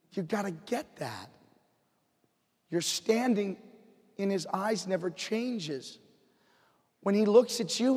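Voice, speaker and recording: A male pastor preaching in a church, his slightly husky voice trailing off into a long hall reverb. He swings between quiet, confiding stretches and bursts of fired-up emphasis. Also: high voice. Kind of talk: sermon. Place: church sanctuary.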